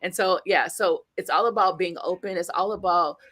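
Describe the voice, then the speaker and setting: A woman guest speaker and coach telling stories in an interview, animated, acting out the quotes and speaking straight to the audience. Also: lowish voice, moderate pace, no echo. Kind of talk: storytelling interview.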